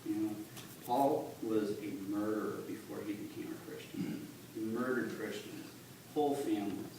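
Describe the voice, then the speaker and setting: A man giving a halting, earnest personal testimony at church, recorded on a phone from the congregation. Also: lowish voice. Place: church sanctuary. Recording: echoey church on a distant phone, noisy.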